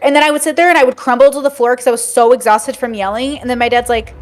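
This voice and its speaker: A woman in her thirties, a podcast guest, tells family stories in casual chat, animatedly acting out her parents' lines. Her voice sits high and she talks rapid-fire with few pauses, over faint music.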